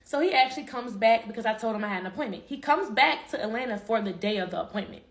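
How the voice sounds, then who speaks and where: A young woman telling a personal story in casual vlog style, animated and acting out what people said. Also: on the high side, quick pace. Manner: animated, acts out quotes, laughs. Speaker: vlogger.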